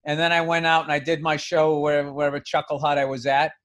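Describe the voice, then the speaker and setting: Blunt, profane man with a high voice. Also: monotone, quick pace, a bit bright. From US East Coast. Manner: blunt, profane, self-mocking. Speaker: podcast co-host. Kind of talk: casual storytelling chat.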